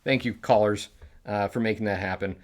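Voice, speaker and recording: A man's voice: on the low side, fairly even intonation, a little fast. A man hosting a public access show, rambling through a sign-off and laughing at his own bad jokes. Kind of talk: rambling live sign-off chat.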